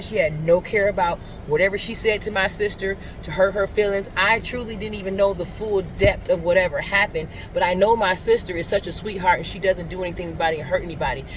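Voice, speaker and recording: A woman's voice: lowish voice, noisy background. A woman reflecting on faith and telling a personal story in a casual, earnest way, rambling and restarting her sentences. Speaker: faith vlogger.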